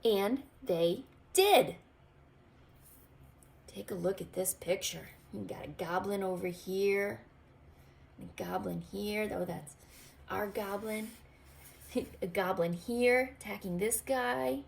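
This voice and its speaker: A woman teacher reading a storybook aloud to young children, expressive and pointing out pictures. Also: mid-range voice, creaky. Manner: expressive, slow, asks children to look. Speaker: pre-K teacher.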